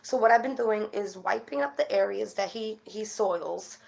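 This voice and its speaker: A woman's voice: medium pitch, normal speed, vocal fry, darkish tone. A woman chatting casually to camera as a vlogger, rambling with fillers and restarts, worried and frustrated.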